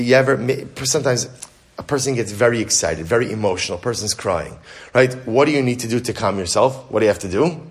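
A man teaching a Torah class in an animated lecture style, asking questions and answering them himself, quick bursts of speech and frequent restarts. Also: mid-range voice.

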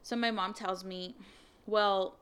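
A woman's voice: medium pitch, normal speed, clean tone. A young woman casually telling a personal story, candid, swearing freely and filling her talk with "like" and "um". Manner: candid, swears, many fillers, animated retelling of dialogue.

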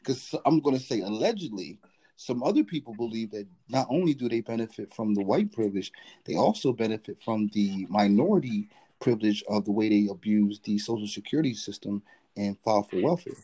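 A man from the US East Coast co-hosting a casual chat, animated and profane, joking and slipping into mocking voices. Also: on the low side, fairly quick, breathy edge, low-quality recording.

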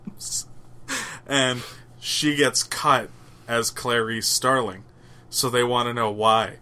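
A man's voice: mid-range voice, fairly even intonation, takes it slowly, sharp tone, clean tone. A man co-hosting a podcast, chatting casually and rambling about movies, swearing now and then. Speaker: podcast co-host. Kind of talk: casual chat.

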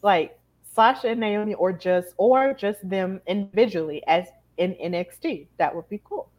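A woman's voice: medium pitch, moderate pace. Chatty woman recapping wrestling. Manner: chatty, animated retelling with acted-out quotes. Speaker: podcast co-host. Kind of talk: casual wrestling recap chat.

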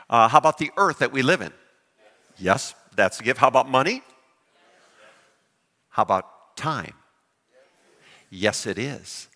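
A man preaching a sermon, lively and animated, often putting questions to his congregation. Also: medium pitch, long reverb tail. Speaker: pastor.

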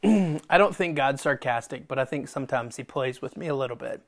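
A man preaching a sermon, animated and self-deprecating, acting out conversations between God and Moses. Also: mid-range voice, brisk. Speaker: pastor.

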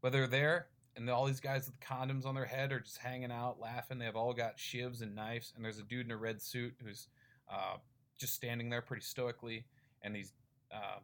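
A man's voice: mid-range voice, flat delivery, normal speed, a bit bright. Male podcast co-host, easygoing, rambling comic-book recapper. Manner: rambling retelling with fillers and laughs. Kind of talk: casual comic book review chat.

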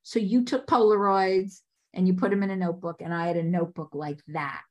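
Woman, casting director, podcast guest, animated storyteller, acts out quotes. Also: fairly low pitch, a little fast.

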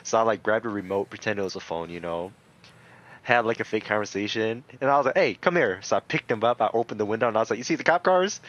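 A young man co-hosting a podcast, telling animated stories in casual chat and laughing often. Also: lowish voice, quick pace, highs cut off. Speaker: podcast co-host. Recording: faint background noise.

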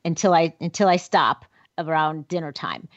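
A woman co-hosting a casual talk show, upbeat and energetic and laughing often as she talks. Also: deep voice, normal speed, no room sound, lo-fi sound. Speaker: podcast co-host. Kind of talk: casual chat.

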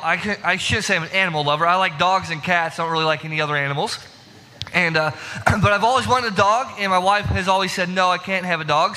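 Young male pastor, high and very bright voice, casual sermon with long hall reverb. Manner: casual, chatty, addresses the congregation directly. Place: church sanctuary.

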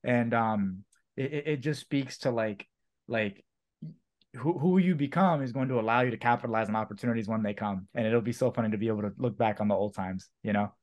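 A man in a casual podcast chat, talking haltingly with frequent restarts. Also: mid-range voice, a little mellow. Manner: halting, many restarts and fillers.

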